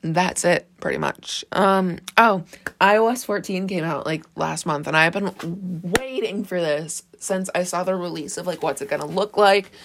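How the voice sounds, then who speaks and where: A woman's voice: on the low side, moderate pace, fairly bright tone, a little hiss or hum. A woman hosting a casual solo podcast, rambling, sarcastic and correcting herself, recorded on a phone. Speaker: podcast host.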